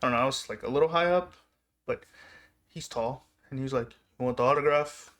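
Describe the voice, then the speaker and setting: A man's voice: medium pitch, a little fast, a bit bright. A man telling a personal story in a casual, rambling vlog style, often breaking off and restarting his sentences. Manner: rambling, chatty, self-interrupting. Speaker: vlogger.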